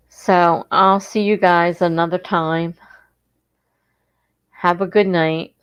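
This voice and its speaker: A woman's voice: low-pitched, steady tone, takes it slowly, clean tone, poor audio. A woman from the East Coast of the United States hosting a casual livestream, rambling and correcting herself as she grows sleepy. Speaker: livestream host of writing sprints.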